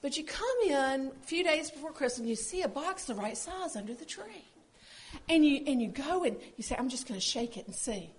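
A woman with a high, lively voice that swoops around a lot, co-hosting a relaxed parenting chat. She tells stories earnestly and expressively. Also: moderate pace. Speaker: podcast co-host. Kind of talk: casual chat about parenting.

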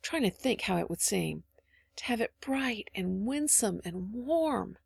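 A woman reading a children's storybook aloud in an expressive, measured narration. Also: mid-range voice, vocal fry, husky, dry recording. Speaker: audiobook reader.

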